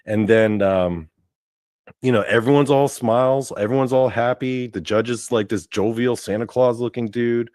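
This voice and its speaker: Young male host, low-pitched, loose rambling storyteller who swears and fills every pause with "like". Dry and close. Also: fairly even intonation, a little mellow, no echo. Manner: rambling, full of "like" fillers and cursing. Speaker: podcast host. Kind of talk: casual storytelling.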